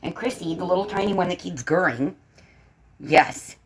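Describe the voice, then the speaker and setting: A woman's voice: lowish voice, fast, a little hiss or hum, poor audio. A woman hosting a casual livestream from home, chatting to her viewers and her dogs. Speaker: livestream host. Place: home room. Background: dogs barking.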